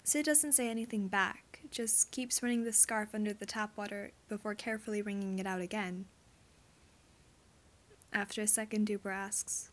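Brief: woman narrator, steady story reading, mid pitch. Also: normal speed. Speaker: reader. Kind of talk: fan fiction read aloud.

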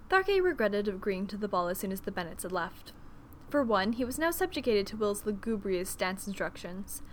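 Expressive woman narrating an audiobook. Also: mid-range voice, a little hiss or hum. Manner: expressive, measured storytelling.

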